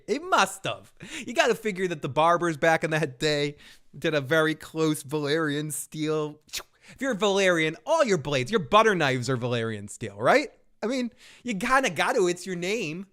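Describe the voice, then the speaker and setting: A man's voice: a little high, fairly bright tone, smooth. A man hosting a casual live recap show from home, rambling and joking with frequent chuckles. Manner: jokey, rambling, chuckles often. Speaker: host.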